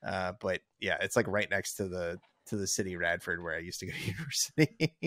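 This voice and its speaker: A man's voice: low voice, fairly quick, fairly bright tone, no room sound, studio quality. A young man from Northern Virginia co-hosting a podcast in a casual, rambling way, laughing often, with no accent. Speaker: podcast co-host.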